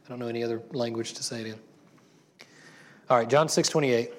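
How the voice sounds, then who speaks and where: A man's voice: mid-range voice, fast. A middle-aged man preaching a sermon as a pastor, in a casual, chatty way with many restarts. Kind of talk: conversational sermon.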